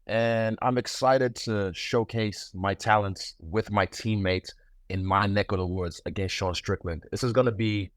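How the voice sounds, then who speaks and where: A man in his thirties answers interview questions in a fairly low voice, loose and playful, tripping over restarts. His speech is slangy and easygoing, recorded dry and close. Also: normal speed, no echo. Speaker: guest fighter. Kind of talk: casual interview.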